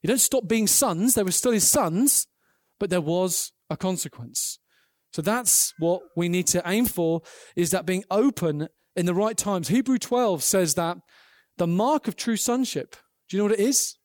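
High-voiced preacher, earnest. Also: male voice, unhurried, dry recording, studio quality. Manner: earnest, animated storytelling with acted quotes. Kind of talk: sermon.

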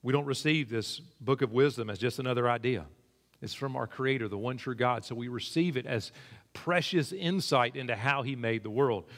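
A man preaching a sermon in a conversational way, his pitch climbing when he stresses a point. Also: moderate pace. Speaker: pastor. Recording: long hall reverb.

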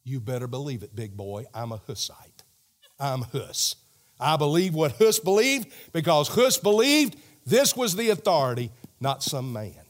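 Lively, animated male preacher. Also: a little high, measured pace. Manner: animated storytelling, talks to the crowd directly. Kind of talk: sermon.

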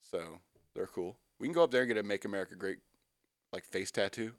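A man's voice: fairly low pitch, brisk, no echo, studio quality. A man hosting a radio show, reading news items aloud and adding wry, joking asides in casual banter.

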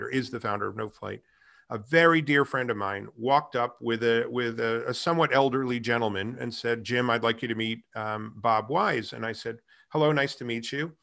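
A middle-aged man in a casual interview, telling his career story with lively acted-out dialogue. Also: mid-range voice, creaky. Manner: animated storyteller, acts out quoted dialogue. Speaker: guest, music tech company founder.

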